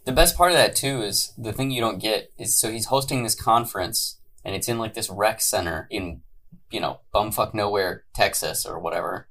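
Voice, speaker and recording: A man co-hosting a podcast who chats casually in a blunt, animated and profane way. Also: lowish voice, moderate pace. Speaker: podcast co-host. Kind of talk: casual chat.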